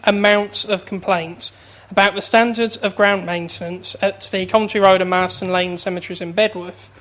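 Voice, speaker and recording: A woman's voice: medium pitch, steady tone, normal speed, a bit bright. Woman councillor reading a formal question. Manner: read-aloud, formal.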